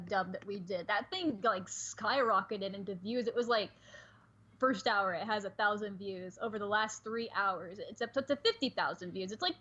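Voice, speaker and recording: A woman's voice: mid-range voice, a bit bright, dull audio. A chatty woman who laughs easily, talking casually with a friend on a livestream. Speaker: co-host and voice actor.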